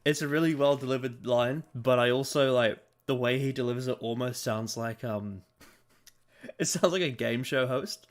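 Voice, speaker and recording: A man's voice: medium pitch, normal speed. A man hosting a casual podcast chat, laughing often and tripping over his words as he talks. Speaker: podcast host.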